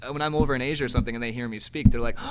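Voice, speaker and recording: A man's voice: mid-range voice, steady tone, very fast, crowd noise. A young American man chatting as a guest, rambling with many restarts and breaking into playful sound effects. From United States. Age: young adult. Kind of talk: casual chat.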